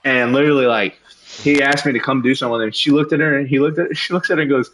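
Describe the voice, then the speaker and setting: A young man streaming and chatting casually while gaming, venting in a profane, animated way about a coworker. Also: mid-range voice, very fast.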